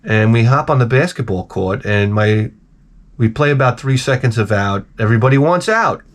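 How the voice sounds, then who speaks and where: A man's voice: mid-range voice, animated, moderate pace. A man telling comic stories to camera in a rambling, exasperated, profane rant full of restarts. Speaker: vlogger. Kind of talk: comedic storytelling rant.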